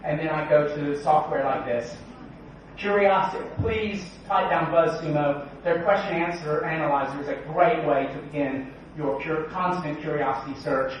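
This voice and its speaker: Energetic man speaking in an echoey hall. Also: a little high, normal speed, slight background noise. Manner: joking, energetic, quizzes the audience. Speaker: conference speaker. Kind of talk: keynote talk. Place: large conference hall. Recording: echoey hall, distant, dull sound.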